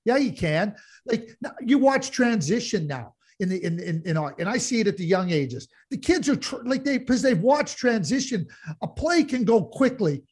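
A man's voice: sits high, big pitch swings, normal speed, a little mellow, husky. A man co-hosting a casual sports chat, talking passionately with lots of restarts and repeated words. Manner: passionate ranting, frequent restarts. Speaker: podcast co-host.

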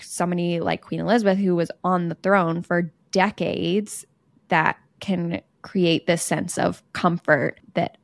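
A woman's voice: lowish voice, creaky, dry recording. A young woman co-hosting a podcast, explaining her views at length in casual chat. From United States. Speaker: podcast co-host.

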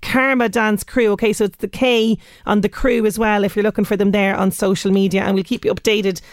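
A woman's voice: mid-range voice, level tone, brisk, dry recording, clean studio sound. An Irish woman presenting local radio, chatty and enthusiastic as she links items and interviews a guest. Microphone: studio microphone.

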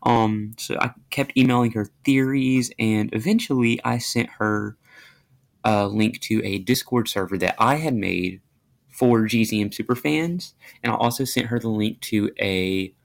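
A man tells a personal story on his own podcast in a loose, casual monologue. His voice is gravelly and full of fry, and he rambles, circles back, and pokes fun at himself, with plenty of fillers along the way. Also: fairly low pitch, measured pace. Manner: rambling and self-deprecating, with many fillers and restarts. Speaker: podcast host.

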